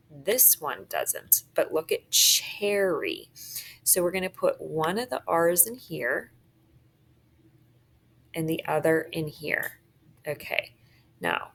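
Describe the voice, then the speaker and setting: A woman teacher walking students through a phonics worksheet, often checking in with "okay?" as she marks words. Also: fairly low pitch. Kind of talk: phonics lesson walkthrough.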